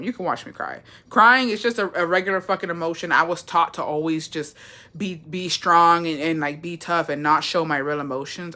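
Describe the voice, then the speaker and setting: A young woman hosting a livestream, chatting casually and reading comments. She is animated, sassy and swears often. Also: on the low side. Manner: animated, profane, sassy, reads chat aloud. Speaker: livestream host.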